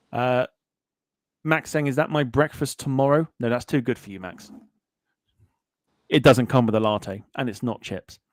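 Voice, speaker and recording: A man's voice: medium pitch, dry recording, clean studio sound. A man hosting a casual aviation podcast, reading out live chat comments in a jokey way and laughing often. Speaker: podcast host.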